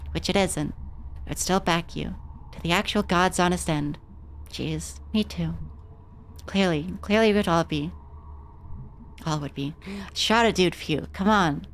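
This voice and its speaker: Woman streamer, young, lowish voice, casual and foul-mouthed, reads game dialogue aloud. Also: a little hiss or hum. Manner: casual, swearing freely.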